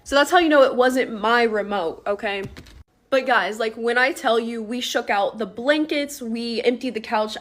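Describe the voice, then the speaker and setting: A young woman casually telling a storytime, chatty, full of fillers and swearing freely. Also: fairly high pitch.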